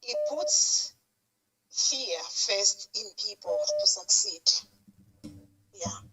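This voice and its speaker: A woman's voice: mid-range voice, wildly swooping pitch, drawn-out words, bright, forceful tone. A woman from Zambia with a Zambian accent, calling in to a radio talk show anonymously and speaking in a heartfelt, pleading way, repeating herself. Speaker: anonymous caller. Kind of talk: emotional call-in comment. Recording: phone line on radio.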